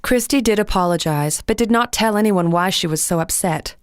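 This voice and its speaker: A woman narrating a children's audiobook in a clear, expressive storytelling voice. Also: medium pitch, fairly quick, dry recording, studio quality.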